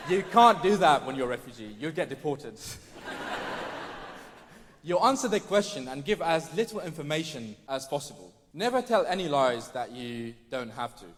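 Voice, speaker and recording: A man's voice: a little high, sing-song, moderate pace, fairly bright tone. A man performing a stand-up comedy set on a theatre stage, with wry, mock-posh impressions of British people. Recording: live theatre with long reverb. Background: faint audience ambience.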